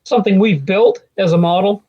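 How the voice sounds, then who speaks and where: A man chatting as a podcast guest, slow and thoughtful, hesitating over his answer. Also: high voice, breathy edge, highs cut off. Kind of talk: casual chat.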